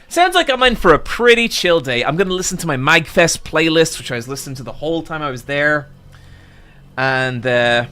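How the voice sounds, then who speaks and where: Male streamer, casual storyteller, slightly high voice, swears freely, excitable.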